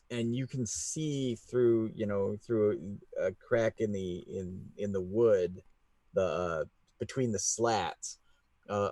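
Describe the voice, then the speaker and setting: A man narrating a tabletop game as game master, halting and full of restarts. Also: on the low side, dry recording.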